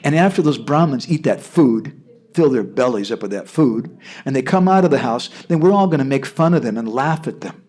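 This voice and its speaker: An American man voicing envious village priests who plot in a hushed, conspiratorial way. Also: mid-range voice, animated, fairly quick, lightly acted. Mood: scheming, hushed.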